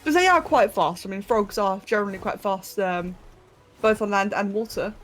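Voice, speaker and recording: Soft music plays behind a young British streamer whose medium-pitched voice is fairly bright and moves at a moderate pace. Gaming live, she rambles and giggles while addressing her chat casually, her throat slightly sore.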